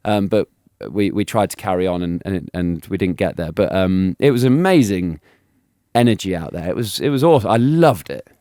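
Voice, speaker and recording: A man in his thirties telling animated stories as an interview guest, laughing and restarting often. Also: sits low, normal speed, no echo, studio quality. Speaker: guest, former cricketer. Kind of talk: casual storytelling interview.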